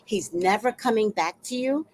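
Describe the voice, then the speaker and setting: Fiery, animated woman in her sixties. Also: medium pitch, normal speed, a little hiss or hum. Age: 60s. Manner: blunt and fiery, with swearing and sudden loud outbursts. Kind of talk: casual storytelling livestream.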